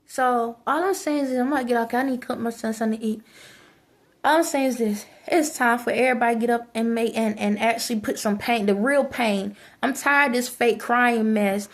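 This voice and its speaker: A woman's voice: on the high side, fairly quick. A woman giving a preachy, scolding monologue to her viewers, repeating phrases for emphasis. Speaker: vlogger. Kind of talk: ranting monologue to camera.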